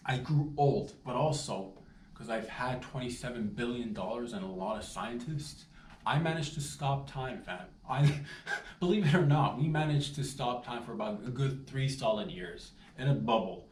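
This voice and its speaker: A man doing a brash, rambling comedic sales pitch, breaking into loud outbursts. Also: animated, unhurried, echoey room, recorded from a distance, slight background noise.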